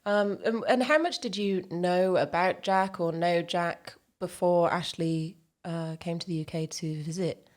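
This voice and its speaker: A British woman conducts an interview, putting her questions gently and carefully. Her voice sits a little low for a woman, and she speaks in a calm, even way. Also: measured pace.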